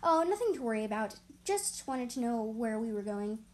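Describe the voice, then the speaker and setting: A woman's voice: fairly high pitch, sing-song, normal speed, a little hiss or hum. A woman voicing a breezy, unbothered female dragon queen in a read-aloud story.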